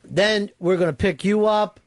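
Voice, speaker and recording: A man's voice: high-pitched, a little slow, dry recording, studio quality. A man hosting a radio talk show, bossy and brash, swearing freely as he plans a stunt. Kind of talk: casual radio banter.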